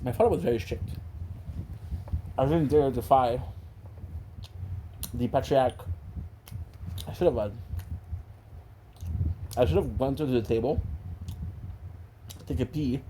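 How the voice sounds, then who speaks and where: A man's voice: mid-range voice, measured pace, pauses often, dark tone, a little hiss or hum, rough recording. A man rambling playfully in a casual monologue, joking and drifting between topics and dropping in stray French and Spanish phrases. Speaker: gaming streamer.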